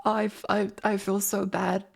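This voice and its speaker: A woman's voice: medium pitch, little pitch movement, unhurried, creaky, slight background noise. A woman streamer chatting casually with viewers, telling a rambling, swear-filled story and often laughing. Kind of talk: casual chat.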